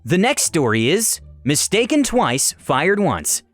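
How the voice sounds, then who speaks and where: A male narrator telling stories with a very animated, swooping delivery. His voice is slightly higher than average. It is a dry, close recording with faint music underneath. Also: slow pace, no room sound. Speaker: story narrator. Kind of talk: storytelling narration.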